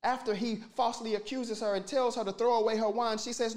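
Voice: medium pitch, fairly even intonation, fast, few pauses. Emphatic preaching pastor. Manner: emphatic preaching with repetition and shifting loudness. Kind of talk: sermon.

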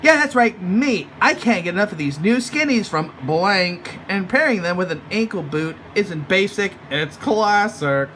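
A smug young fashion blogger girl, brightly self-satisfied and sing-song, as a man mockingly puts her on. The voice sits a bit higher, with a sharp, forceful edge. It sounds like a parody read aloud from a comic. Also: expressive, a little slow, hardly any pauses, slight background noise, exaggerated voice.

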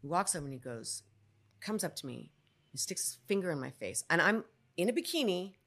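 Low gravelly woman on a podcast, chatty storytelling, acts out the quotes loud. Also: a little fast. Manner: animated, re-enacting quotes in a loud voice. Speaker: podcast guest recounting a story. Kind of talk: casual storytelling interview.

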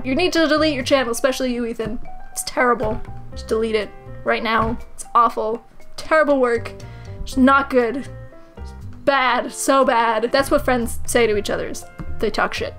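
High-voiced sarcastic woman gamer. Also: moderate pace, faint music behind. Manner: animated and sarcastic, swings into high squeals and swearing. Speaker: gaming commentator. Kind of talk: let's play commentary.

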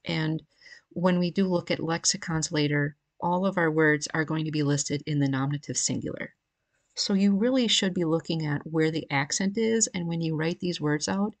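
A woman teaching a beginner's grammar lesson in a recorded lecture. Her voice sits low with a gravelly fry, and she explains patiently, reading through lists of cases. The audio is homemade and uneven. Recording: questionable home audio.

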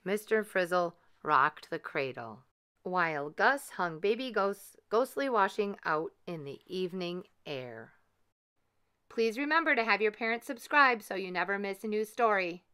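Bright, clear woman reading a storybook. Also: medium pitch, measured pace. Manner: gentle, expressive reading. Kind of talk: children's read-aloud.

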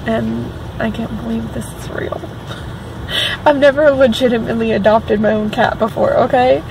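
A woman vlogging from a parked car, talking in a rambling, excitable way full of filler words. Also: fairly high pitch, a little slow, vocal fry. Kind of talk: casual chatty vlog. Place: parked car outside a store. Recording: car and air-conditioning noise.

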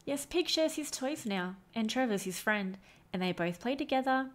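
A woman reading a rhyming children's picture book aloud in an expressive, sing-song way. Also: a little high, moderate pace. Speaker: storyteller.

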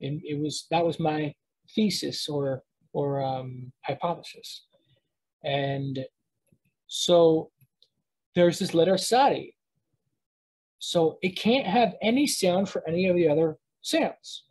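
A teacher talks through a casual lesson in a husky, breathy voice at an ordinary middle pitch. The delivery rambles, with frequent fillers, restarts, and thinking aloud while explaining. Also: takes it slowly, long pauses, darkish tone, low-quality recording. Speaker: language teacher.

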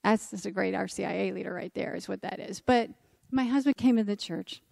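A woman speaker at a church gathering, telling her personal faith testimony as a lively story and acting out the dialogue. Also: mid-range voice, a little fast, creaky, dry recording, studio quality. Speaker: conference speaker at a church event.

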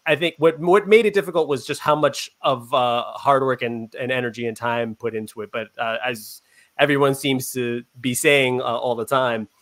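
A man's voice: mid-range voice, steady tone, normal speed, a bit bright. A man, a film director, answering interview questions in an earnest, rambling way.

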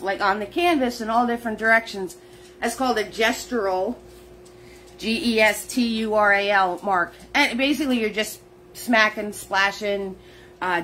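A woman's voice: on the high side, bright, forceful tone, a little hiss or hum, rough recording. A woman hosting a live painting lesson, chatty and laughing often, greeting viewers by name as she explains terms. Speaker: painting class host.

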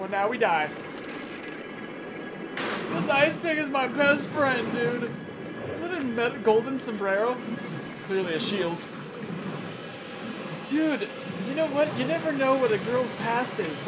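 A gamer narrating a first-look playthrough, excitable and jokey, yelping and swearing at every scare. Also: medium pitch, very noisy. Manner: jokey running banter with the viewer. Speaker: gameplay commentator. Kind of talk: let's-play commentary. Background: game music.

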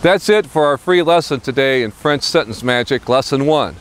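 A man hosting a language lesson in an upbeat way, saying each phrase slowly and then repeating it. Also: mid-range voice, lively intonation. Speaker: language teacher.

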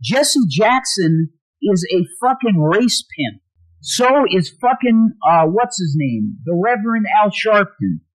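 A man's voice: sits high, very animated, takes it slowly, rough recording. A man hosting a livestream, ranting angrily with constant swearing. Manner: angry profane ranting, swings loud and quiet. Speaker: livestream host.

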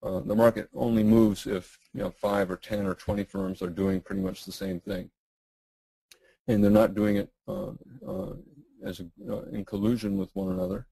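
Gravelly, hoarse middle-aged man, halting. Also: on the low side, little pitch movement, mellow, dry recording, low-quality recording. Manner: halting, many fillers and restarts. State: losing his voice, clearing throat. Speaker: guest trading educator. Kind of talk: webinar Q&A answers.

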